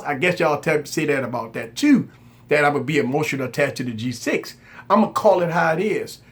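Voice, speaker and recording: Guy hosting a live tech show, voice sits kinda high, keeps repeating himself to drive it home. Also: a bit bright. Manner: talks straight to viewers, repeating himself for emphasis; candid and insistent. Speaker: tech channel host. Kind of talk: casual live tech talk.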